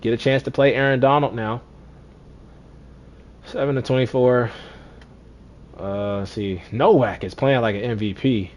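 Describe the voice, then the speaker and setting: A man casually commentating his own football video game run, talking to himself, repeating lines and swinging between deflated and excited. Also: medium pitch, a little slow, pauses often. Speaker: gaming streamer.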